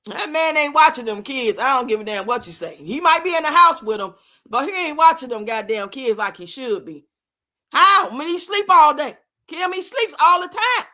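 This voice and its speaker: A woman's voice: high voice, very animated, normal speed, sharp tone. A woman streamer giving blunt, profane commentary in a casual live-stream rant. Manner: blunt, profane, rants and scolds with lots of swearing. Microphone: streaming mic.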